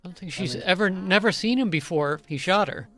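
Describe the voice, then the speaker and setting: A man's voice: high voice, lively intonation, brisk, a bit bright, soft background music. A man making matter-of-fact remarks in a casual comedy podcast chat.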